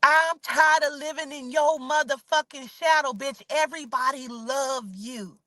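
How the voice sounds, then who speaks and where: A woman's voice: high voice, a little slow, sharp tone, dry recording. A woman voicing a jealous young woman, a two-faced best friend who whines with resentment. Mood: resentful.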